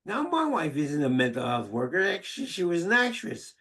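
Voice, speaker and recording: A man's voice: high voice, huge pitch swings, brisk, fairly bright tone, breathy edge. An older man, a psychologist and author, telling wry, joking anecdotes in a webinar over a video call.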